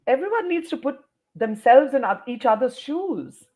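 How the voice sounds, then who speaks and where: Lively, emphatic woman educator. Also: high-pitched, moderate pace. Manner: emphatic, sounds out words like a teacher. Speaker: educator and trainer, interview guest. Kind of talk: interview answers, teaching explanation.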